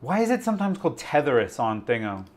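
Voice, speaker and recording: A man's voice: mid-range voice, sing-song, quick pace. Rambling casual male streamer. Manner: rambling, chatty, filler-heavy. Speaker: crypto YouTube streamer. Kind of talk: casual live-stream chat.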